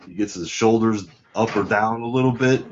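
Casual toy-vendor man, very low voice, rambling delivery, lo-fi recording. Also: moderate pace, slight background noise. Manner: rambling, repeats himself, imitates customers. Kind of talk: casual chat. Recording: dull lo-fi sound.

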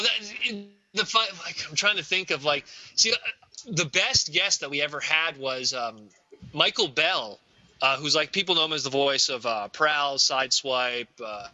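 Casual podcast co-host, a man with a high voice, dry and lo-fi, animated anecdotes. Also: dry recording. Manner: animated storyteller, slips into quoted voices. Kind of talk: casual chat. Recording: dull, lo-fi, dry.

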